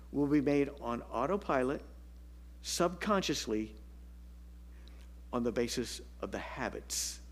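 A man preaching a sermon as pastor, telling stories and dropping to a whisper for emphasis. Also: mid-range voice. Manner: storytelling, dynamic, drops to a whisper for emphasis.

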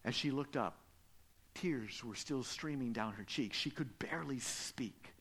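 A man preaching a sermon as pastor, telling stories and dropping from loud emphasis to hushed whispers. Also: mid-range voice, unhurried, breathy edge. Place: church.

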